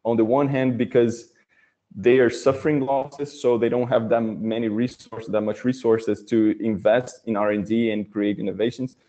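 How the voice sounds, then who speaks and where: A man's voice: medium pitch, little pitch movement, normal speed, dark tone. A man with a Brazilian accent, a native Portuguese speaker, discussing a book in a webinar with thoughtful, hesitant phrasing over a video call. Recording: dull, lo-fi video call audio.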